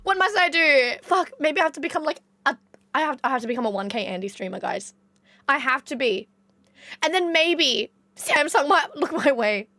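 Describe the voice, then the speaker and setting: Excitable woman streamer. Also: moderate pace. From Australia. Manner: excitable, swings between squeals and low mutters. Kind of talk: casual live-stream chat.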